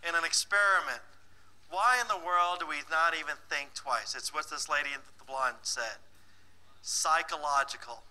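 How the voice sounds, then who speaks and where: A man's voice: a little high, moderate pace, pushed and bright, rough recording. A man presenting a live financial workshop, teasing and bossing the audience in a playful way and laughing often. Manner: laughs often between remarks.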